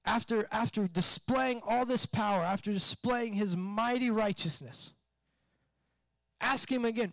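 A man preaching a sermon in a conversational, animated way, retelling a story and repeating questions. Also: high voice, a little slow, dry recording. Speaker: pastor.

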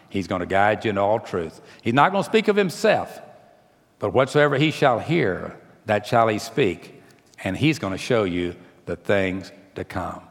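A preacher delivers his sermon with a gravelly edge to his voice. He surges into loud, quick, emphatic runs, then drops to slow and quiet. His words ring out with the long reverb of a church hall. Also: mid-range voice. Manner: rising to emphatic, rapid bursts then slowing to quiet, drawn-out phrases.

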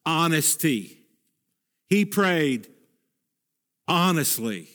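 A male pastor preaching a sermon in an earnest, emphatic way, repeating key phrases, rising sharply when voicing a prayer and dropping low for quiet points. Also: very animated, slow pace, pauses often.

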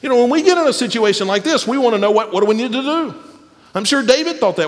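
A man preaching a sermon as pastor, animated, then dropping to a soft, quiet voice for tender moments. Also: extremely high pitch, fast talker. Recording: long hall reverb.

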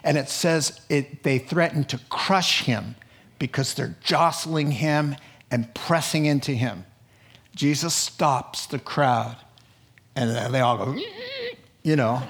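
A male pastor preaching a sermon, lively, with small chuckles as he acts out quoted voices. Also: fairly high pitch, unhurried.

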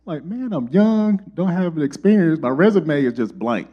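A middle-aged man preaching a sermon, telling folksy personal stories and getting animated when he acts out dialogue. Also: a little high, normal speed, husky, lo-fi sound. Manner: folksy storytelling, rising animated for quoted dialogue.

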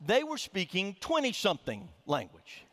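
A man's voice: high voice, huge pitch swings, moderate pace, a bit bright. A middle-aged man preaching a sermon as a pastor, telling a humorous story with frequent restarts, in a reverberant sanctuary. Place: church sanctuary.

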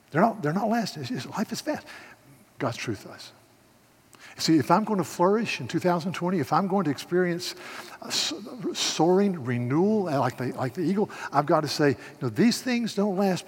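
An older man preaching in a slightly high voice that rings through a reverberant hall. He stumbles and restarts as he narrates softly, then climbs into forceful, emphatic proclamation. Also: husky. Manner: stammering restarts, builds from soft storytelling to loud preaching. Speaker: pastor. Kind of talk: sermon.

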